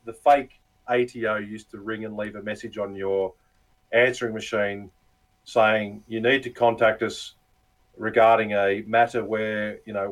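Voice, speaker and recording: Laughing, crude Australian bloke. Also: male voice, lowish voice, poor audio. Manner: crude, laughing, mimics callers. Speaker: guest. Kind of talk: casual storytelling chat.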